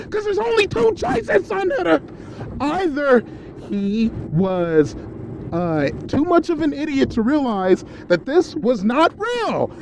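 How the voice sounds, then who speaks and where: Yelling man ranting in a moving car. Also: very high-pitched, very animated, measured pace. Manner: profane, yelling, repeats himself. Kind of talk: angry solo rant. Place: car on the highway. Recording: road noise from a moving car. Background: vehicle noise.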